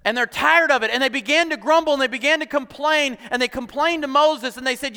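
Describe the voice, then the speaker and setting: A man's voice: very high voice, a little fast, few pauses, pushed and bright. A man preaching a sermon, telling the story playfully with quoted voices and jokes. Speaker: pastor. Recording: long hall reverb.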